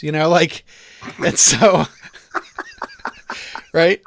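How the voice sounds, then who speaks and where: A man's voice: fairly high pitch, takes it slowly, gravelly, long pauses, no echo, clean studio sound. A man co-hosting a podcast, telling a story in a rambling way with frequent restarts and fillers. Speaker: podcast co-host. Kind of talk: casual discussion.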